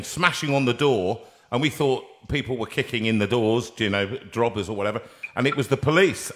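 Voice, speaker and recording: A male host with a mid-range voice and a bright, forceful tone. He chats in a playful, teasing manner, steering a relaxed interview. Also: mid-range voice. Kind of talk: casual interview chat.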